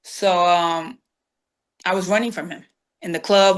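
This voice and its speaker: Woman telling a story, acts out everyone's lines, lively. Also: medium pitch, normal speed, clear, resonant tone. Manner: animated storyteller acting out quoted dialogue. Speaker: guest saxophonist. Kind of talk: storytelling interview.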